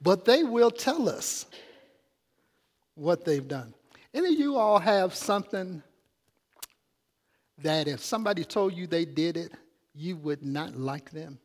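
A pastor with a slightly high, animated, slightly mellow voice preaches a sermon in a church, unhurried and with long pauses. He's chatty and conversational, calling out questions to the congregation, and the church hall gives a long reverb.

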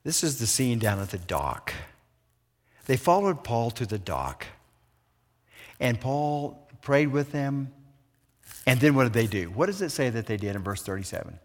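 A man's voice: mid-range voice, measured pace, long pauses. A man preaching a sermon as pastor, telling stories with energy and quizzing his congregation with questions. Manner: animated storytelling with questions to the congregation. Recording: long church hall reverb.

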